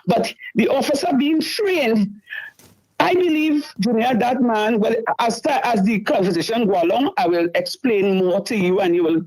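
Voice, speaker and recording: A middle-aged woman's fairly high, somewhat mellow voice comes at a normal speed through a rough recording. Calling a talk show, she emotionally recounts a distressing story and keeps repeating herself.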